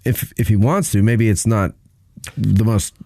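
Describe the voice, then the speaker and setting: A man's voice: fairly low pitch, measured pace, gravelly, dark tone, no echo, studio quality. A man hosting a casual podcast discussion, asking questions and correcting himself mid-sentence. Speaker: podcast host. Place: indoor room with others present.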